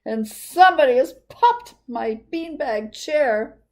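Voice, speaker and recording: Whiny storybook kid done by a woman, quick complaining lines. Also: high-pitched, animated, a little mellow, voice pushed up, exaggerated voice. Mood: upset. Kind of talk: picture book read-aloud.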